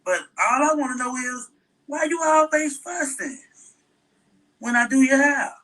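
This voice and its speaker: A man's voice: sits high, expressive, moderate pace, pushed and bright, distant mic, heavily acted, rough recording. A man playing a fussy middle-aged single mom who rambles on to her viewers while doing her daughter's hair in a comedy skit. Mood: chatty. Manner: rambling, chatty, talks to viewers.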